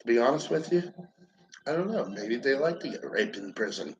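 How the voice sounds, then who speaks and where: A man giving a rambling stand-up comedy monologue, halting and profane, with lots of fillers and restarts. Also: mid-range voice, expressive, muffled recording. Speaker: amateur comedian.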